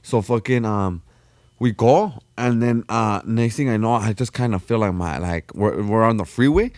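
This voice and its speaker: A man's voice: lowish voice, normal speed, a little mellow, no room sound, studio quality. A man telling a story on a podcast in a slangy, profane way. He keeps calling his listener "fool.". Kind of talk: casual chat, storytelling.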